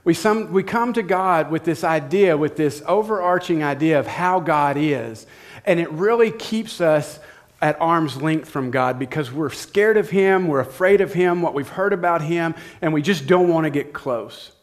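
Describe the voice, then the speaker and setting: A fairly high-pitched middle-aged man, a pastor, delivers a sermon at normal speed. He relates something from his own life in a chatty way, talking directly to those listening.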